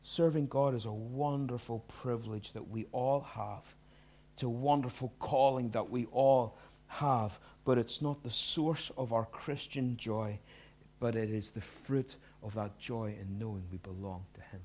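A middle-aged male pastor giving a sermon, earnest, dropping to hushed lines and rising to loud emphatic bursts. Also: mid-range voice, fairly even intonation, a little slow.

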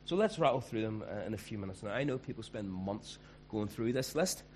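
A man's voice: on the low side, expressive, brisk, darkish tone, a little hiss or hum. A man preaching a sermon as pastor, conversational and emphatic.

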